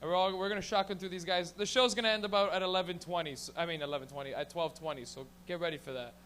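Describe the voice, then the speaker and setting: Profane, high-voiced stand-up comedy host. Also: male voice, steady tone, fairly bright tone, a little hiss or hum. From Canada. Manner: profane, rambling, rapid storytelling. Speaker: comedy open mic host. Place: small lounge venue stage.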